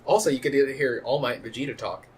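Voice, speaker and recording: A man's voice: mid-range voice, fairly even intonation, fast, slight background noise. A man co-hosting a podcast, chatting casually and rambling with frequent restarts. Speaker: podcast co-host. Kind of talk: casual chat.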